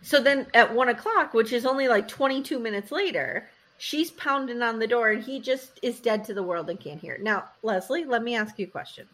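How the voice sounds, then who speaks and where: This woman recaps a reality show on a casual podcast, telling it as a lively story. She acts out the quotes and says "like" a lot. Her voice sits a bit high. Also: brisk, hardly any pauses. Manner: animated storytelling, acting out quotes, frequent "like". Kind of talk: casual chat.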